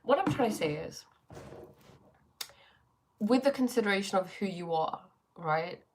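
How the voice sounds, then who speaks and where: A woman's voice: mid-range voice, lively intonation, unhurried, slight background noise. A woman hosting a casual spiritual livestream from her bedroom. She speaks reflectively, with a sore throat, greeting viewers and using many fillers.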